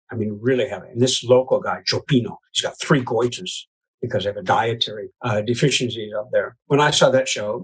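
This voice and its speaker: A man's voice: mid-range voice, fairly bright tone, husky, low-quality recording. A man from the United States, a puppeteer guest, chatting in an interview and telling stories with lots of asides and laughter. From United States (Iowa). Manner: chatty, laughs often, many "you know" asides. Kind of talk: casual storytelling interview.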